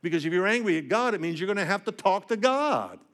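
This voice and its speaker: An older male preacher delivers a personal sermon with a slightly high voice. He tells his story with raw feeling, dropping to a hush for heavy moments and rising emphatically for his points. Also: expressive, fast talker. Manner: emotional storytelling, dramatic swings from hushed to emphatic.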